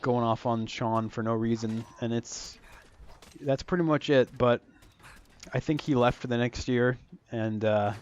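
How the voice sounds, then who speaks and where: A man's voice: on the low side, a little mellow. A young man telling a casual storytime about his school days, rambling with lots of fillers and swearing freely. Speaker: storytelling vlogger. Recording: dull lo-fi recording.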